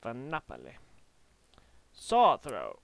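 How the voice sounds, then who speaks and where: A man's voice: medium pitch, huge pitch swings, slow, vocal fry. A young Australian man doing goofy game commentary and slipping into silly voices. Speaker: gaming YouTuber.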